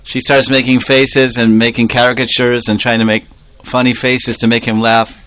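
Male preacher, storytelling sermon, mid-range voice, animated, chuckles a lot. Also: medium pitch, moderate pace, no echo. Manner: animated, laughing often, playful asides. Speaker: preacher telling a devotional story.

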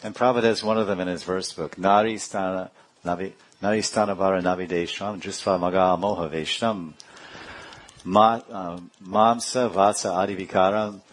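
A middle-aged man delivers a devotional lecture, his voice sitting a little low. He recites verses in Sanskrit, then unpacks them word by word with chuckles along the way. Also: fairly even intonation, normal speed. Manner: chanting Sanskrit verses and explaining them with laughs. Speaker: spiritual teacher.

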